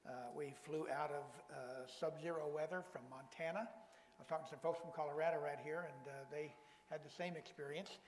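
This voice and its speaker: A man's voice: fairly high pitch, in a large hall, slight background noise, low-quality recording. An older man preaching as a guest pastor in a church, speaking in a folksy way with self-deprecating humor. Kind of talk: sermon.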